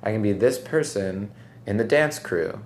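A man's voice: lowish voice, animated, normal speed, darkish tone, slight background noise. A man hosting a podcast in casual chat, rambling and reflective, often saying "like" and "right?". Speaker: podcast host.

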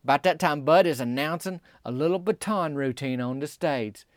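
A young man with a drawl rambles through a comic small-town story, drifting loose and conversational. His voice sits a bit high, and he jumps higher still whenever he quotes someone. The sound is dry and close, with no room around it. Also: moderate pace, no room sound. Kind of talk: folksy comic storytelling monologue.

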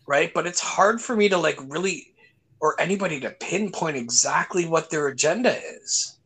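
A young man talks through long, winding anecdotes in a relaxed podcast chat, cursing freely along the way. His voice sits somewhat high for a man. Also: normal speed, husky. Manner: rambling storyteller, acts out voices in his anecdotes, swears freely.

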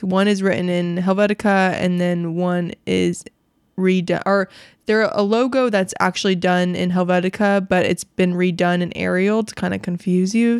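Gravelly-voiced young woman, chatty podcaster. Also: on the low side, darkish tone, dry recording, clean studio sound. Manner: laughs often, chatty. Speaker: podcast co-host. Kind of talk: casual chat.

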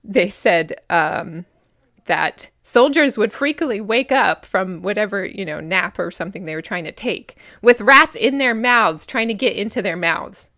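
A woman's voice: mid-range voice, animated, measured pace, bright, forceful tone, dry recording, clean studio sound. An American woman co-hosting a podcast, chatting casually about history with many fillers and frequent laughs. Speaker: podcast co-host.

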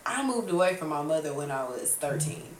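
Her voice is low-pitched, brisk, and lively in intonation: a woman in her twenties hosting a casual podcast from a kitchen table. She tells a story with lots of swearing and dramatized outbursts, recorded from a distance in a roomy space with faint noise.

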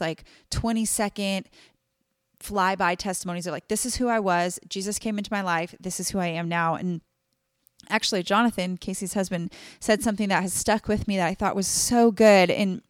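A woman's voice: medium pitch, clean tone, no room sound, clean studio sound. A woman co-hosting a casual Bible study podcast, talking earnestly with many fillers. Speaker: podcast co-host.

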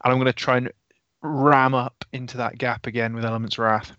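A man playing a tabletop game, describing his attacks in a lively way with quick restarts. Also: mid-range voice, no echo, highs cut off. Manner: animated, laughing, quick restarts. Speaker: player.

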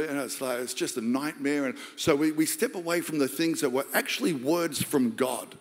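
An Australian man preaching a sermon as pastor, jokey and animated, acting out the voices of the story. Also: mid-range voice, a little fast, hardly any pauses. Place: large church hall. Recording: long hall reverb.

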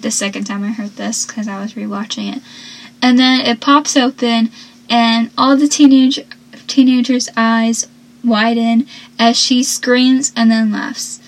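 A young woman with a slightly high voice talks through a TV episode in a loose, rambling way. She fills her sentences with "like" and corrects herself as she goes, in a relaxed recap style. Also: poor audio. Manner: chatty, rambling, with frequent "like" and self-corrections. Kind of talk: casual episode recap and commentary.

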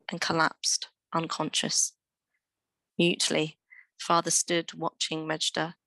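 A woman's voice: lowish voice, no echo. Woman reading aloud expressively. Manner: expressive reader.

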